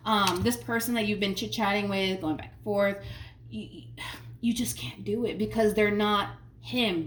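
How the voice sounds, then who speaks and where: Woman tarot reader, casual, slangy, emphatic repeats; mid pitch, distant mic. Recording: roomy sound from a distant mic, faint noise.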